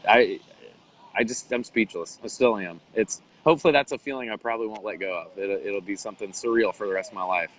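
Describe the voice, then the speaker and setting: A man's voice: fairly low pitch, fast, a bit bright, poor audio. A man being interviewed, telling a story animatedly and acting out the voices of people he quotes. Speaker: interview guest, bodybuilder.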